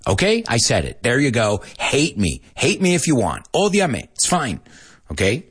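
A man's voice: mid-range voice, huge pitch swings, moderate pace, breathy edge. A man hosting a casual live English lesson, joking and laughing a lot and dropping into Spanish asides. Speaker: English teacher and show host.

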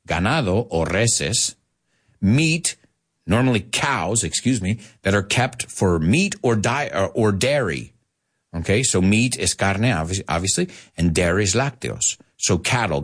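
An American man teaching English to Spanish speakers, animated, laughing at his own jokes and switching into Spanish to explain. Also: fairly low pitch. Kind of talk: language lesson for Spanish speakers.

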